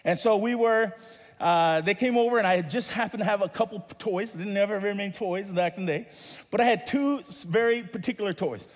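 High-voiced man preaching in a long hall echo. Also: brisk. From Southern California. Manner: animated, playful, laughs at his own story. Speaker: pastor. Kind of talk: sermon storytelling.

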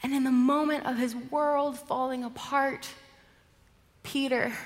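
A woman preacher giving a sermon, retelling a story dramatically, moving between vivid passages and hushed ones. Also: high voice, fairly even intonation, a little slow, long reverb tail.

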